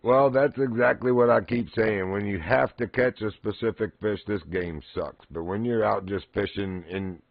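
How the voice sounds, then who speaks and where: Deep gravelly middle-aged man, laughing a lot. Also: normal speed, few pauses, no echo. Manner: laughs often, easygoing storytelling. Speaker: streamer. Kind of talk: casual gaming chat. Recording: muffled lo-fi stream audio.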